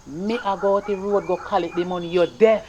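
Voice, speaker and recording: A performer playing a stern, broke Jamaican mother who scolds her son in rapid patois. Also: mid-range voice, fairly even intonation, darkish tone, dull audio, slight background noise, natural voice. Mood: scolding. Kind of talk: comedy skit acting.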